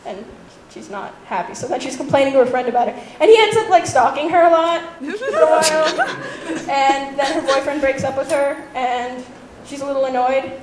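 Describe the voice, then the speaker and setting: A woman in casual chat who giggles often and acts out quotes in a higher voice. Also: normal speed. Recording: roomy echo, faint background noise.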